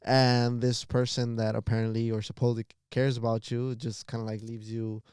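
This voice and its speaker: A man co-hosting a casual podcast, talking in a measured way with many fillers like "you know". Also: mid-range voice, little pitch movement, darkish tone, clean tone, no echo, studio quality. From Los Angeles area. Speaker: podcast co-host. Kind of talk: casual chat.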